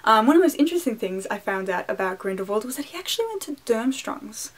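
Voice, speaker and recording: A woman's voice: fairly high pitch, racing. Chatty Australian woman unboxing a collectible. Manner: chatty, self-deprecating, animated asides. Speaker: wand collector and vlogger. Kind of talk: casual unboxing chat.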